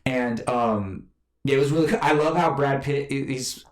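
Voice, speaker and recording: A man chatting casually as a podcast co-host, reviewing a film in a rambling, animated way with lots of fillers. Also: medium pitch, moderate pace, reverberant.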